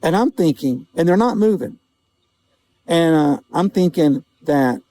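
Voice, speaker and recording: A man vlogging outdoors, telling a vivid personal story in a casual, halting way, with quoted dialogue. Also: a little high, animated, mellow, rough recording. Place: outdoors outside a small-town grocery store.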